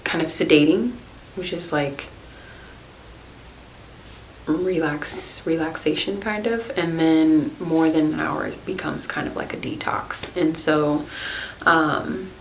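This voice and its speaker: A woman's voice: sits low, steady tone, takes it slowly, long pauses. Chatty woman in a roomy space. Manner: chatty, filler-heavy, laughs often. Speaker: naturopathic podcast host. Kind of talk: casual storytelling monologue. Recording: roomy, with faint hiss.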